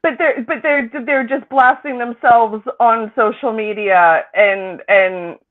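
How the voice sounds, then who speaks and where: A woman psychic co-hosting a casual chat, incredulous and rambling, quick to laugh. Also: a little high. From Britain. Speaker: psychic co-host. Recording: tinny phone-like line.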